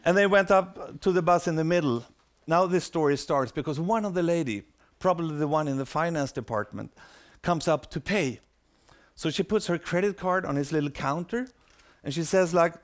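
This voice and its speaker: A man's voice: on the high side, moderate pace. A middle-aged man, telling a story in a talk and acting out the voices of people in it. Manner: animated, acts out quoted voices. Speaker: speaker.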